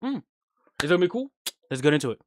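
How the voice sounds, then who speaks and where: A man streaming reaction videos in casual, profane chat, swinging from loud hype bursts to low mumbled asides, tired from no sleep. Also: very animated, very fast, a little hiss or hum. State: sleep-deprived.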